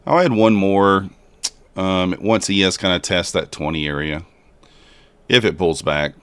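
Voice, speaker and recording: A man casually commenting live while trading and chatting with viewers in a relaxed, joking way. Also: low-pitched, a little slow, clean tone, no echo. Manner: relaxed, chatty, jokes with chat. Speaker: livestream trader.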